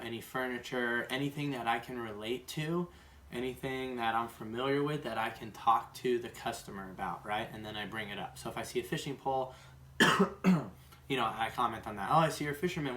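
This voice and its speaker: A man's voice: mid-range voice, fairly bright tone, slight background noise. A man giving a casual sales training talk who keeps checking in with "right?". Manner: conversational, tags sentences with "right?". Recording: roomy echo, distant mic, faint ambience.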